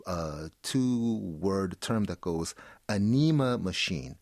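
Brief: lower-voiced male guest, dry close sound, explanatory and chatty with restarts. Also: animated, slow, darkish tone, no room sound. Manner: keeps checking in with "right?", many fillers and restarts. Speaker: art commentator guest. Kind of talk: explanatory interview talk. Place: studio in Seoul.

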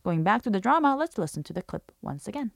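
A woman's voice: mid-range voice, very animated, fast talker, gravelly, noisy background. A woman hosting a language lesson, reading a scripted explanation and demonstrating intonation with example phrases. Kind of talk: scripted radio-style lesson narration.

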